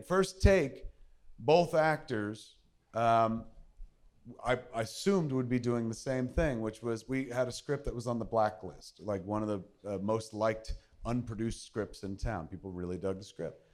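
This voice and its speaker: Man, middle-aged, host, casual profane storytelling, animated, laughing, middle pitch. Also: measured pace. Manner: animated storyteller, laughing, swearing, acting out quotes.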